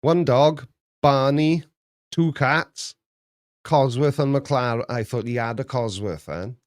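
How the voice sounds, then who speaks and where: A middle-aged man hosts a relaxed live chat stream, reading viewer messages and cracking jokes as he goes. He laughs easily. His voice sits at an ordinary pitch, recorded close with a dry sound. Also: slow pace, no echo. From Wales. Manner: jokey, laughs often, reads chat aloud. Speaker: livestream host.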